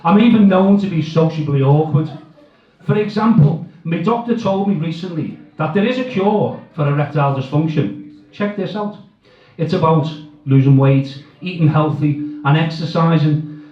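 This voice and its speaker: Foul-mouthed comic. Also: male voice, on the high side, moderate pace. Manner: crude, swearing, self-mocking. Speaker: stand-up comedian. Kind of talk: stand-up comedy set. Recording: echoey, distant, dull live sound.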